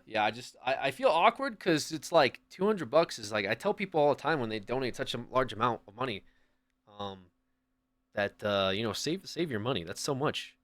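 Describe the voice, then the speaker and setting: A man's voice: medium pitch, fairly bright tone, no echo. A man streaming and chatting casually, rambling with hesitant restarts as he thanks a viewer. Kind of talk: casual chat, thanking a donor.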